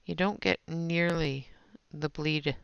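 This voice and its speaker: Gravelly woman chatting on a colouring stream. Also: low-pitched, steady tone, takes it slowly, no echo. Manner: chatty, talks to viewers in chat while working. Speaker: livestream host. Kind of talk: casual livestream chat while demonstrating colouring. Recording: dull lo-fi stream audio.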